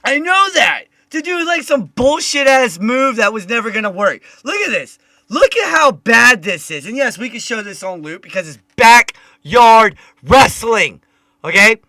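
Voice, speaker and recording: A man hosting a casual live-streamed chat show, loud and animated, swearing often. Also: very high-pitched, unhurried, no room sound. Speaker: podcast host.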